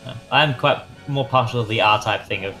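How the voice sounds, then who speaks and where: A man's voice: mid-range voice, normal speed, bright, forceful tone, faint music behind. A man co-hosting a let's play, chatting casually and joking while asking about the game. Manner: joking, curious. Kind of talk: casual gameplay chat.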